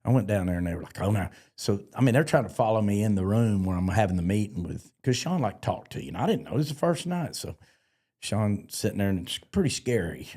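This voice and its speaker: A man's voice: fairly low pitch, lively intonation, fast, mellow, breathy edge. A man, a podcast guest and former rodeo barrelman, telling stories in a casual interview and acting out the voices of people he quotes.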